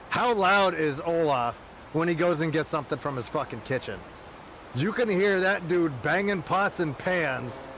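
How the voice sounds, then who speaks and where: A man's voice: fairly high pitch, a bit bright, a little hiss or hum. A man streaming a game, chatting casually with friends, rowdy, joking and swearing a lot. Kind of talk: casual live-stream chat.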